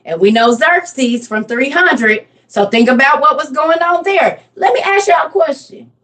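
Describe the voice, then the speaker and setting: A woman's voice: sits high, animated, a little slow, fairly bright tone, recorded from a distance. A woman in her forties giving a casual Bible lesson, playful and constantly quizzing her listeners. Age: 40s. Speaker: Bible teacher.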